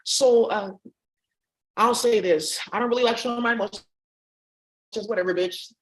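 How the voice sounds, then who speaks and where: A woman's voice: on the high side, moderate pace. A woman vlogger talking in a rambling, profane monologue that jumps between topics.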